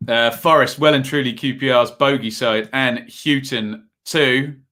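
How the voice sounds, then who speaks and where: Bright-voiced chatty livestream host. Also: male voice, medium pitch, steady tone, measured pace. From Ipswich, England. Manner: chatty, rambling, reads chat aloud, many ums. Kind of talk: casual live football commentary and chat.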